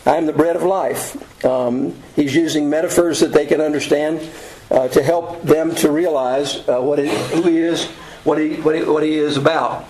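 Man, Bible study teacher, halting delivery, full of ums, slightly high voice. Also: fairly even intonation, darkish tone. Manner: halting, many ums and uhs. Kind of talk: casual Bible lesson. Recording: roomy echo.

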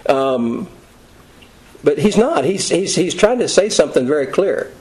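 Preacher guy, kinda high voice, chatty folksy sermon with lots of asides. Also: lively intonation, darkish tone, poor audio. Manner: conversational, folksy storytelling with quick asides.

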